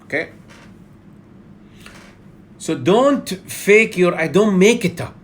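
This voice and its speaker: A man's voice: high voice, takes it slowly. A man from Bahrain with a Bahraini accent, teaching public speaking in a lecture and checking in with listeners by often saying "yeah". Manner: animated, repeats "yeah" as a check-in, with frequent fillers.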